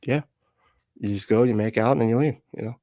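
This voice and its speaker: A man's voice: medium pitch, fast talker, dark tone, dry recording. A man with a Southern US accent hosting a livestream, chatting casually and reading comments, rambling, laughing a lot and swearing freely. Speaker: livestream host.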